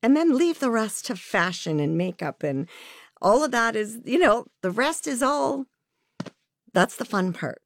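An interview guest, a woman, speaks frankly and reflectively about herself in a candid sit-down conversation. Unhurried, she lets her pitch swing widely, rising and dipping with feeling. The recording is close and dry, with no room sound.

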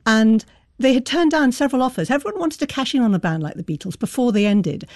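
Fast-talking woman commentator. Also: fairly high pitch, lively intonation, a little mellow, no echo, clean studio sound. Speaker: author and cultural commentator. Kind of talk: radio discussion. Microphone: studio mic.

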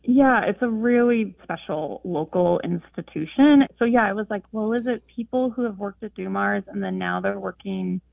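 A woman calling in over a tinny phone line, her voice gravelly with fry. She talks freely and with emphasis, often acting out what she said. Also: mid-range voice, moderate pace, hardly any pauses, dry recording. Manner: talkative, emphatic, quotes herself. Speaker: caller. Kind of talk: phone-in chat. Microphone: telephone.

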